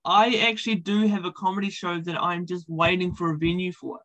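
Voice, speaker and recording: A man's voice: high voice, little pitch movement, brisk, a bit bright, poor audio. A man, chatting casually in an interview, with frequent ums and uhs. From New Zealand. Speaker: podcast host being interviewed.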